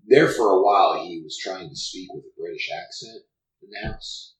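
A man's voice: sits low, normal speed, far from the mic. A man who runs tabletop games, chatting casually, starting sentences over and over as he tells stories. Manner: stammering restarts, lively storytelling. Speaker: game master. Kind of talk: casual podcast chat. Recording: roomy echo, from the mic.

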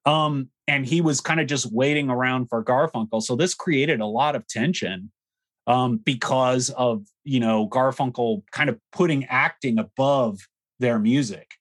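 A man's voice: mid-range voice, a little slow. A man co-hosting a music podcast, talking casually and frankly, with plenty of fillers and blunt opinions. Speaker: podcast co-host. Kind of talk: casual chat about music history.

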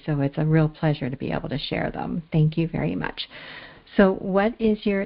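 A woman's voice: deep voice, lo-fi sound. A woman hosting a podcast interview, talking in a casual, gushing way with frequent fillers. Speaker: podcast host.

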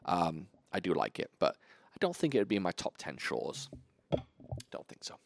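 Lively, swearing male podcast host. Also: deep voice, normal speed, gravelly, no room sound. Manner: enthusiastic, swears often, lists titles. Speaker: podcast host reviewing kung fu films. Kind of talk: casual chat.

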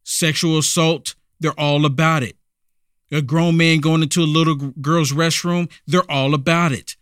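A man's voice: a little high, fairly even intonation, moderate pace, fairly bright tone, clear, resonant tone, no echo, studio quality. A man hosting a political commentary show, emphatic, repeating himself and asking rhetorical questions. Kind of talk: opinionated commentary.

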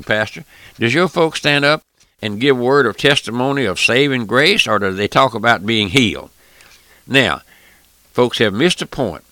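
Male radio preacher, fervent and emphatic, bright forceful voice, dry sound. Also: medium pitch, no echo. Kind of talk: radio sermon.

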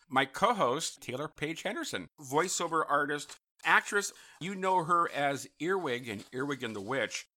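Bright, chatty male radio host. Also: mid-range voice. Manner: chatty and upbeat, with asides and self-amused jokes. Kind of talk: live talk radio hosting. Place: Los Angeles studio.

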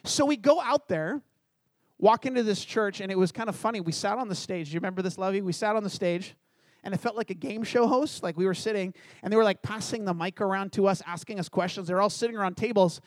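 A man's voice: sits high, quick pace, no echo, studio quality. A middle-aged man from Canada preaching a sermon, telling a personal story with humor and acting out the dialogue. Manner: animated, acts out dialogue, self-deprecating humor. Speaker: pastor.

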